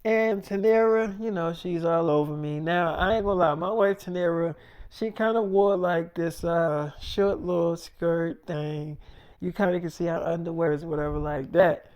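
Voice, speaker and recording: A man's voice: fairly high pitch, steady tone, moderate pace, darkish tone, smooth. A man telling a long made-up story in a casual, rambling way. He swears a lot and keeps saying "I'm like".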